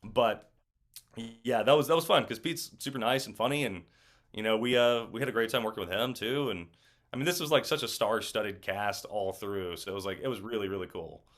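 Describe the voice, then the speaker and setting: A young adult man, an actor, chatting in an interview and telling lively stories with lots of fillers. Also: lowish voice, brisk. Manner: animated storyteller, acts out quotes. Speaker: actor guest. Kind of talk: casual interview chat.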